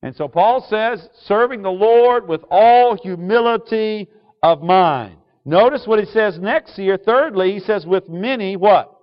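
A man preaching a sermon to a congregation, asking them questions and switching from loud emphasis to quiet asides. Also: high voice, measured pace. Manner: call-and-response questions to the congregation. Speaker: pastor. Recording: dull lo-fi sound.

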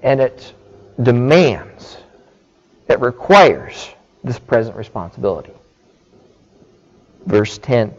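A man preaching a sermon, explaining scripture slowly and deliberately and checking in with his listeners. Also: medium pitch, big pitch swings, muffled recording. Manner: slow, deliberate teaching with frequent "okay" check-ins.

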